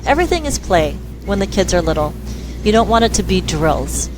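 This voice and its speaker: A woman speech therapist talking in an interview, lively and quick to act out the voices of children and parents. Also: mid-range voice, noisy background. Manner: lively, acts out quoted dialogue in voices. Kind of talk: conversational interview.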